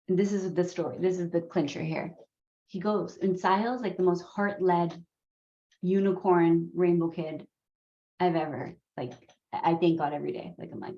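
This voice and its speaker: Lady leading a parenting class, lowish voice, acts out her kids, echoey kinda muffled audio. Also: normal speed. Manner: animated, acts out her kids' voices with laughs. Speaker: coparenting course leader. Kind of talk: storytelling to a class. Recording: roomy, dull lo-fi sound.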